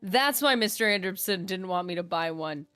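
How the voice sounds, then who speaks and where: A woman's voice: lowish voice, expressive, normal speed, bright, forceful tone, clear, resonant tone, no echo, soft background music. A woman game streamer chatting casually while she plays, rambling, trailing off and poking fun at herself. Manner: chatty, rambling, self-deprecating, trails off and restarts. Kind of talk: casual livestream chat while gaming.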